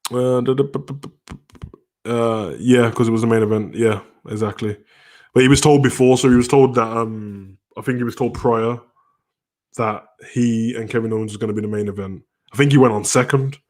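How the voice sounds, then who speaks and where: A man's voice: mid-range voice, fairly quick. A man hosting a casual live stream, rambling as he answers chat messages. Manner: relaxed, rambling, answers chat messages aloud, often tags "you know, like that". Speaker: wrestling stream host.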